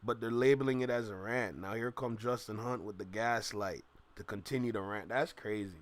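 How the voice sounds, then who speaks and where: A man's voice: lowish voice, moderate pace. A man streaming a reaction video, commenting and talking straight to his live chat. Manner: repeats stock phrases, talks straight to chat.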